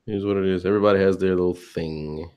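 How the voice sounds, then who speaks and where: A man's voice: low voice, steady tone, fast, darkish tone. A man co-hosting a casual talk show, laid-back and laughing often. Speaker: podcast co-host. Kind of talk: casual chat.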